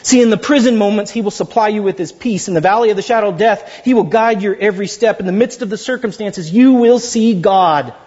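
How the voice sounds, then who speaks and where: A man preaching a sermon as pastor, animated and jokey, acting out little asides to the congregation. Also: sits high, brisk, few pauses, highs cut off.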